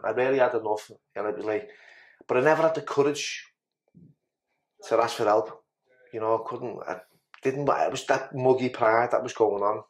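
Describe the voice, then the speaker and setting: Speaking as a guest on a podcast, this man spins a story in relaxed conversation. His mid-range voice comes out blunt and profane, with sentences that often get restarted.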